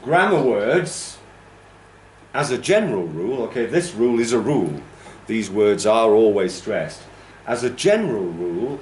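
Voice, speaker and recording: Guy with a lowish voice giving a teacher-training class, patient, leans hard on stressed syllables, roomy echo. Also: lively intonation, moderate pace, slight background noise. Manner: patient and explanatory, exaggerates word stress in demonstrations. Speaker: TESOL course trainer. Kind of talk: classroom lecture.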